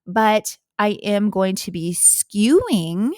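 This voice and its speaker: On her health-coaching podcast, a middle-aged woman talks solo in a casual, earnest and animated way, acting out the voices she quotes. She speaks slowly at medium pitch, with a clean, echo-free studio sound.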